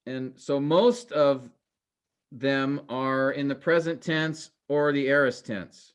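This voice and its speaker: A man teaching a class, halting with many fillers and restarts, his voice trailing off quieter at the ends of phrases. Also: medium pitch, clear, resonant tone. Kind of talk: classroom lecture.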